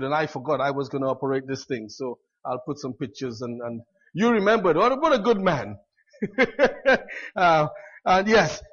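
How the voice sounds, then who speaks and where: High-voiced chatty male preacher. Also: fairly bright tone, lo-fi sound. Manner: chatty, self-deprecating, with many fillers. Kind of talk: sermon.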